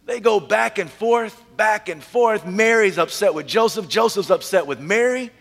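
A man preaching a sermon as a pastor, an animated, humorous storyteller who dramatizes scenes for his congregation. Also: high-pitched, normal speed, vocal fry. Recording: echoey hall.

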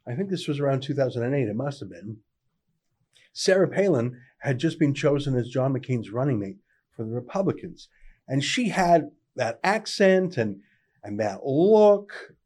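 A man's voice: medium pitch, darkish tone. A man delivering a sardonic, conversational political opinion monologue. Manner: sardonic, conversational, dry mockery. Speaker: political commentator.

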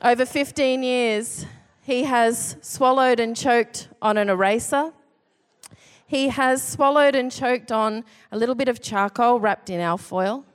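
A woman in her thirties telling a funny personal anecdote in an animated, self-deprecating way. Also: a little high, unhurried, smooth. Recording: long hall reverb.

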